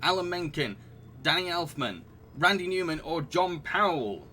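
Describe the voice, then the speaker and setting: A man with a fairly high, very bright voice hosts a live-streamed quiz. He reads questions and multiple-choice options, then chats and giggles with viewers. A faint hum of noise sits under his voice. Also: animated, moderate pace. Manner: chatty and giggly, reading out questions and answering chat. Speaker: quiz host.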